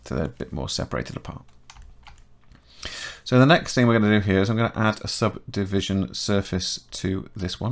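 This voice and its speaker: A middle-aged man with a chatty, self-correcting manner, talking through a software modelling tutorial step by step. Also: fairly low pitch, gravelly. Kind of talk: casual screen-recorded software tutorial.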